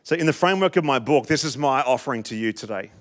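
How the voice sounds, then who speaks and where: A middle-aged preacher with an Australian accent shares a personal story during a church sermon, delivering it emotionally and animatedly with loudness that rises and falls sharply. He talks fast in a mid-range voice.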